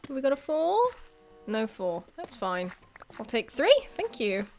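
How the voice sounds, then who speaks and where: A woman giving casual gameplay commentary as a YouTuber, chatty and excitable, laughing often and talking to the creatures on screen. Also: fairly high pitch, a little slow, soft background music. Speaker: gaming YouTuber.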